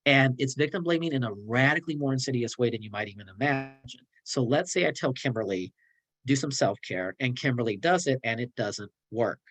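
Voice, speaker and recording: A man's voice: mid-range voice, fairly bright tone, low-quality recording. A man presenting a clinical training online, sarcastic and acting out short dialogues between colleagues. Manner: sarcastic, role-playing colleagues in quick dialogue.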